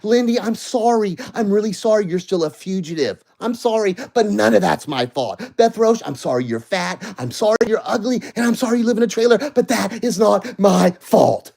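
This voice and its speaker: A man ranting on a livestream from home, addressing absent people, swinging between heated shouting and low, tired muttering. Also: creaky. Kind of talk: angry livestream rant. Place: at home, seated.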